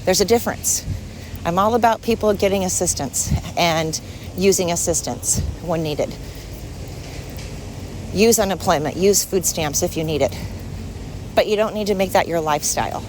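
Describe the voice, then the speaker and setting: A woman's voice: on the low side, normal speed, long pauses, background noise. A woman hosting a solo podcast, ranting in a heated, profane, blunt and scolding way. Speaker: podcast host. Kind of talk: angry solo podcast rant.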